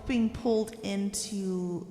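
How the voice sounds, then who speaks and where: Woman at the game table, musing and hesitant, mid pitch, echoey room. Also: steady tone, slow pace, warm tone. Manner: thoughtful, hesitant, uses fillers. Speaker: player.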